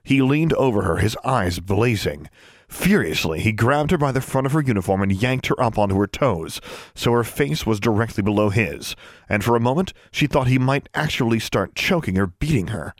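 The narrator, a man with a fairly low voice, reads an audiobook evenly and deliberately. There's no room sound, and the quality is studio-grade.

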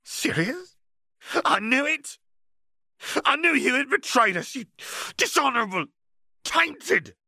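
A woman voicing a furious female dark witch who shouts accusations in a shrill, gravelly voice. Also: very animated, slow pace, no room sound, studio quality, heavily acted. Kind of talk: audiobook character voice.

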